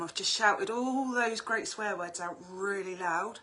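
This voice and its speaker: A woman's voice: medium pitch, normal speed. A middle-aged woman, chatting casually on a livestream as an oracle card reader, talkative and prone to swearing. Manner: chatty, animated, swears freely.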